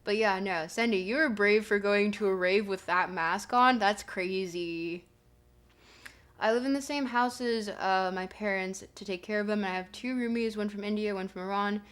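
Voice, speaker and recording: Reading chat aloud, this young adult female livestreamer keeps a medium pitch and a normal pace. She chats casually and rambles with filler words, now and then erupting into playful excitement.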